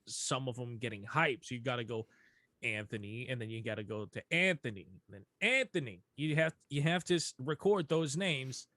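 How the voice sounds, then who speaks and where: Young male podcast co-host, animated, casual, swears now and then, mid-pitched, close and dry. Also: no room sound. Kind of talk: casual chat.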